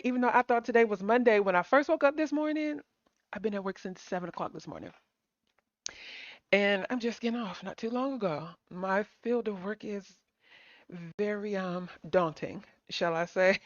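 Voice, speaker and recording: A woman's voice: fairly high pitch, fairly bright tone, no room sound, muffled recording. A sassy, chatty woman hosts a livestream, calling her viewers honey and sugar. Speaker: livestream host. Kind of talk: casual chat to live viewers.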